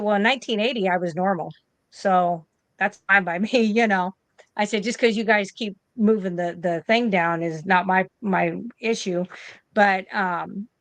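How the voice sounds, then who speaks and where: Woman in her fifties, casual storyteller, plays out both voices of a conversation, mid-pitched, dry close sound. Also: no echo. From United States. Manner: animated, acts out both sides of conversations. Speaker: interview guest, nurse.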